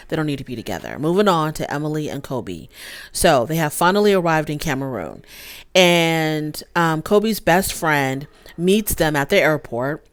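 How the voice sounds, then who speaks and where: Chatty opinionated woman with low voice. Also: clean tone. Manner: chatty and opinionated, addresses viewers as y'all. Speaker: reality TV reviewer. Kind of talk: casual commentary.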